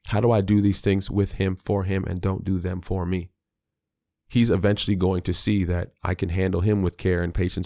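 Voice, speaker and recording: A low, dark male voice with vocal fry hosts his own solo podcast, recorded dry with studio quality. He's the father of a small child and talks in a reflective, candid, slangy way, often restarting his sentences.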